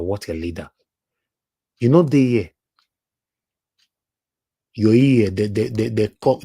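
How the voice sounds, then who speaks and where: A man's voice: fairly low pitch, warm tone, slightly rough, no echo. A Nigerian man with a Nigerian accent, a livestream panelist talking emphatically and repeating words when heated, slipping into Pidgin. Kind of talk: livestream commentary.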